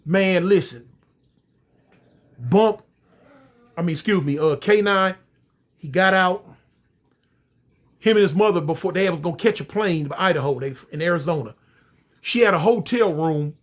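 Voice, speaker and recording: A man's voice: high-pitched, normal speed, pauses often. A man telling a story in a loose, casual way. He talks straight to his listeners and often checks in with them as he goes. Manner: conversational, addresses listeners directly.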